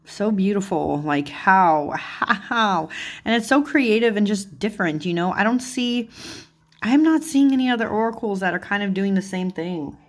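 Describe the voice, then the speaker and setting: A woman's voice: mid-range voice, expressive, normal speed. A woman hosting a chatty flip-through of a card deck, gushing and easily delighted, with lots of "like" and "oh my goodness". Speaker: tarot channel host.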